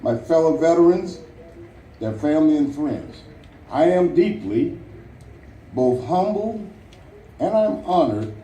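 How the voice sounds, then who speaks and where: A man from Louisiana giving an earnest, rousing ceremonial speech outdoors, with dramatic pauses and light jokes. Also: on the high side, animated, warm tone, a little hiss or hum. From Louisiana, United States. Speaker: Veterans Day ceremony speaker. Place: outdoor memorial ceremony at a national cemetery. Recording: echoey, distant, faint outdoor ambience.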